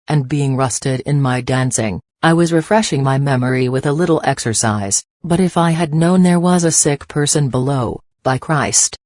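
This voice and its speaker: A man's voice: on the high side, darkish tone, no room sound, clean studio sound, natural voice. A man reading an audiobook, voicing a pompous older Irish knight with an Irish accent who talks in blustering, effusive courtesies.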